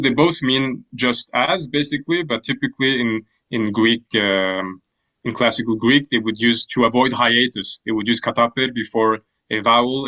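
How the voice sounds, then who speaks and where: A man teaching ancient Greek grammar in an online class, explaining with pauses and restarts over a video call. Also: medium pitch, sharp tone, rough recording. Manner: thoughtful, hesitant, many restarts. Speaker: language teacher.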